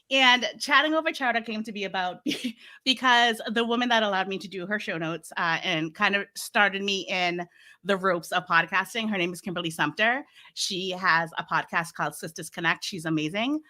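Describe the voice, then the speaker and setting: Bright-voiced Massachusetts woman telling stories. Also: medium pitch, moderate pace. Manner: lively storyteller, laughs often, acts out quotes. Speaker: podcast host and guest. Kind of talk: casual interview chat.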